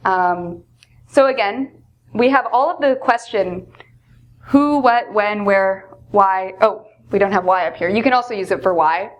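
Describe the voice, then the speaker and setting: A woman's voice: mid-range voice, unhurried. Patient woman teaching everyday phrases. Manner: patient and explanatory, acts out example lines with lively emphasis. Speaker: English teacher. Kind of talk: explaining English phrases in a lesson.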